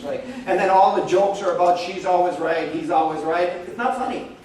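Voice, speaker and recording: High-voiced man telling stories. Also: normal speed. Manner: animated, joking, many "okay?" and "like". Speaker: speaker at a church marriage talk. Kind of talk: relaxed storytelling talk. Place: church hall. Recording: echoey room from far off.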